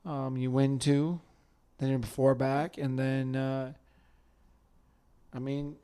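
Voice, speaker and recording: A man co-hosting a sports podcast in casual chat, loose in manner, swearing now and then and dropping into quiet asides. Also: medium pitch, flat delivery, slow pace, smooth. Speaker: podcast co-host.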